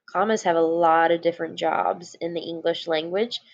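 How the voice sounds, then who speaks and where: A woman's voice: lowish voice, steady tone, moderate pace, creaky, muffled recording. A woman teacher giving a recorded lesson to young children, explaining patiently.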